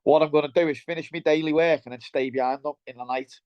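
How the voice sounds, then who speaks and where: A man's voice: on the high side, fairly even intonation, fast talker, no echo. A middle-aged man with a Merseyside accent, a guest chatting bluntly and plainly about his work, calling the host "mate". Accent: Merseyside English. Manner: blunt, down-to-earth, keeps saying "mate". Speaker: guest, welder turned operations head. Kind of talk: casual interview chat. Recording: dull lo-fi sound.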